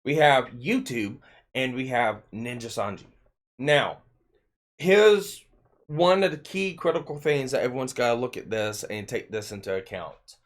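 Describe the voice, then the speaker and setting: A man with a lisp, hosting an opinion commentary channel and talking in an emphatic, heated way with some swearing. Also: medium pitch.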